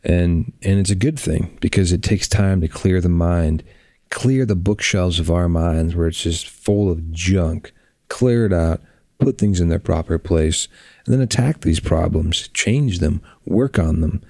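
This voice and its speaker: A man hosting a reflective podcast, talking bluntly and earnestly with drawn-out pauses, on a close microphone. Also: low-pitched, creaky, darkish tone, no room sound. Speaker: podcast host.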